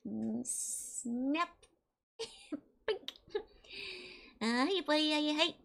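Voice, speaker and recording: A woman's voice: high-pitched, very animated, very slow, gravelly, a bit bright. A woman streaming a horror game live, playful and giggly, greeting her chat one by one.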